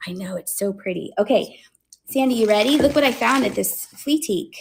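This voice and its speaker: Woman, husky voice, chatty, excitable, laughs a lot, live-stream seller, medium pitch. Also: a little fast. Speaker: live online seller showing thrift finds. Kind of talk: casual live-stream chat.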